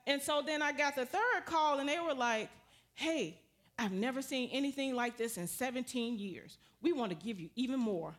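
Animated woman sharing a church testimony. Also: high voice, normal speed. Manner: animated storytelling, rising to joyful exclamations. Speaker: testimony speaker.

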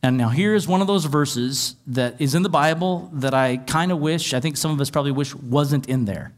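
A man's voice: on the high side, moderate pace. A man preaching a sermon as pastor, reading scripture aloud and explaining it conversationally with wry asides.

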